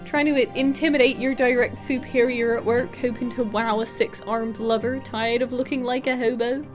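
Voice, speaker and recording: Woman doing a Southern-accented male shopkeeper, drawling, obsequious, sly, high, game character. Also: fairly even intonation, normal speed, over music, lightly acted. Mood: smarmy salesman. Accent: put-on American Southern. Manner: drawling, obsequious, keeps saying sir. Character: fawning male costume shopkeeper, smarmy and sly.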